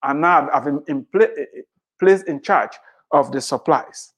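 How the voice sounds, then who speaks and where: Impassioned preacher with a lively, swinging pitch. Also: a little slow. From immigrant to the United States. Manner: impassioned, repeats phrases and asks rhetorical questions. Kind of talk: sermon.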